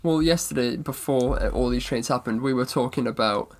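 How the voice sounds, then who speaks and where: A man's voice: mid-range voice, brisk. A man co-hosting a podcast, talking in a rambling, self-correcting, mock-serious way. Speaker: podcast co-host. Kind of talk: casual sports chat.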